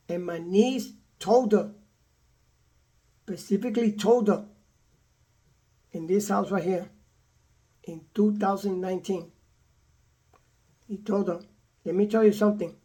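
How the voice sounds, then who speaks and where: A man's voice: sits high, takes it slowly, long pauses, breathy edge. Older man telling his own story. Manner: repetitive, animated retelling with acted quotes. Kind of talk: casual storytelling monologue.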